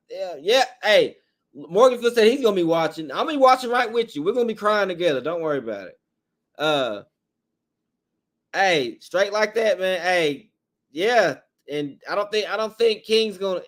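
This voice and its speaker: A man, his voice a little hoarse, hosting a sports podcast with a blunt, frustrated fan rant. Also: sits high, fairly bright tone. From Tennessee, USA. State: slightly hoarse.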